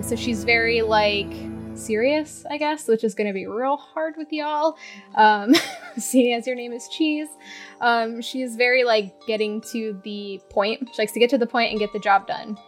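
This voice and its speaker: A woman's voice: fairly high pitch, unhurried. A woman, a tabletop game player, casually describing her character with lots of ums. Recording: music playing underneath.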